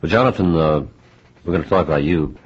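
A man hosting a radio interview, asking questions in a measured way with frequent hesitations. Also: a bass voice, slightly rough, dull audio. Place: New York radio studio.

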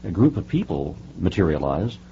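A man's voice: low-pitched, sing-song, moderate pace, vocal fry, warm tone. A man interviewing an author, prompting him with admiring comments. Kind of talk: interview questions. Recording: muffled recording with faint hum.

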